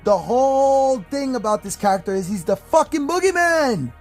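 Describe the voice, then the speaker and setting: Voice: high-pitched, expressive, normal speed, few pauses, soft background music. Blunt, profane movie reviewer ranting. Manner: blunt, profane and opinionated, with frequent swearing; rambling, with fillers and self-corrections. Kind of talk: casual ranting chat to camera.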